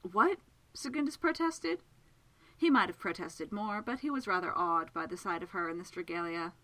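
A woman narrating a novel in an expressive storytelling manner. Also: lowish voice, moderate pace, rough recording. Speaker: audiobook narrator. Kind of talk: scripted narration.

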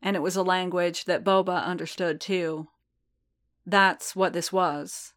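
A woman narrating a story in a slow, measured, even reading. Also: fairly low pitch. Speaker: audiobook narrator.

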